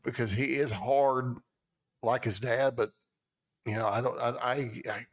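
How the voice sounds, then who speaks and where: A man's voice: mid-range voice, fairly even intonation, unhurried, no echo. A man co-hosting a podcast who reacts in casual chat and often stumbles and restarts his sentences. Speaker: podcast co-host.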